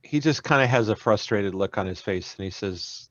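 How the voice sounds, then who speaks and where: A man narrating as game master of an online tabletop game, slowly and with hesitant fillers. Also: fairly low pitch, lively intonation, a bit bright, no room sound, highs cut off.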